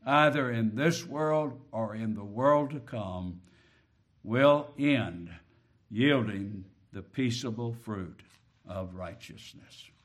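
A male preacher gives a slow, deliberate sermon, moving from soft low phrases to loud, emphatic stresses on key words. His intonation is lively.

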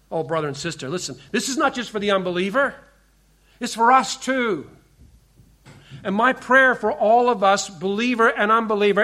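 A man preaching a sermon in earnest tones, often slowing and dropping quiet and low for emphasis. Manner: quotes scripture with slow, stressed delivery. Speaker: pastor.

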